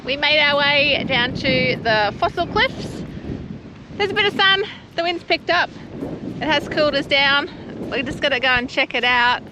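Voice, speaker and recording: A woman's voice: high-pitched, lively intonation, moderate pace. A woman chatting casually while filming a travel vlog outdoors on a windy trail. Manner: chatty, upbeat, laughs often. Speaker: travel vlogger.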